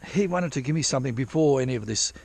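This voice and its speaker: Gravelly, swearing rambling man. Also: medium pitch, fast talker. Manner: rambling, profane, self-interrupting. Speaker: vlogger prospecting for gold. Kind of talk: casual rambling vlog. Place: outdoors at a dig site in drizzle.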